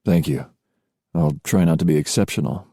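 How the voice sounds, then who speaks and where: A man's voice: a bass voice, moderate pace, mellow, slightly rough, no room sound, full character voice. A man voicing a battle-hardened male vampire in an audiobook, curt and dry. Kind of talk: audiobook character voice.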